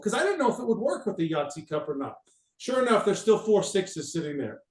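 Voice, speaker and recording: A man telling a casual anecdote to an audience, halting and restarting with amusement. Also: sits high, echoey room. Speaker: storyteller on a panel.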